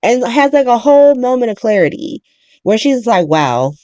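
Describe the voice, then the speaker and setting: A woman's voice: a little high, moderate pace, dark tone, dry recording, studio quality. A woman hosting a casual soap opera recap, swearing freely and speaking in a sarcastic, slangy way.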